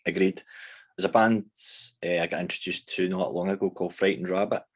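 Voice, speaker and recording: A man's voice: deep voice, fairly even intonation, brisk. A man with a Scottish accent, a band member chatting casually in an interview, rambling with many fillers and restarts. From Scotland.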